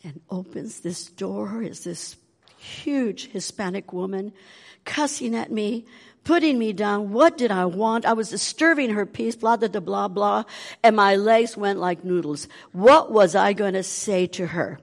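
A woman's voice: mid-range voice, measured pace, gravelly, long reverb tail. An older woman tells her testimony animatedly, acting out the voices of the people in her story. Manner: animated, acts out quoted voices. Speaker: speaker giving a testimony.

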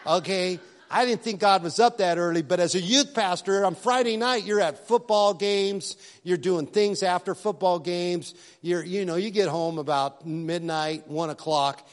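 Male pastor, somewhat high voice, relaxed storytelling sermon with asides, long hall reverb. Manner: conversational storytelling preaching with asides.

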